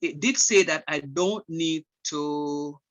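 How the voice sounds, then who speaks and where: A man's voice: on the high side, slow pace, a bit bright, highs cut off. A man teaching a maths lesson in a conversational way, thinking aloud and correcting himself as he goes. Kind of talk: online lesson.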